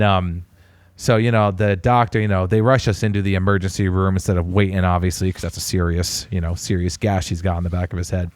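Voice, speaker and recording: A man in his thirties, co-hosting a podcast, telling a family story in a casual, animated way. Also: dry recording. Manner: animated storyteller, puts on high voices when quoting a child. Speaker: podcast co-host.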